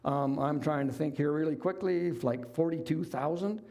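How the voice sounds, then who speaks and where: A man's voice: on the high side, moderate pace, vocal fry, a little mellow. A middle-aged man preaching a sermon, retelling a Bible story in a conversational, folksy way with casual asides. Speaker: lay preacher.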